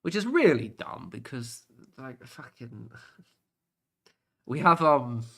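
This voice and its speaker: A man's voice: medium pitch, very animated, takes it slowly, creaky, a bit bright. A British man chatting casually while livestreaming a game, rambling and sweary, with lots of fillers and restarts. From United Kingdom. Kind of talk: casual gaming livestream chat.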